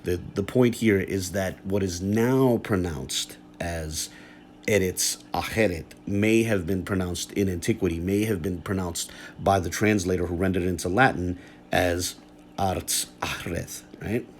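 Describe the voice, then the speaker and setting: Deep-voiced man giving a scholarly talk. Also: slight background noise. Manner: measured, often adds "right?" and "you know". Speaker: scholar explaining texts. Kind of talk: lecture-style video talk.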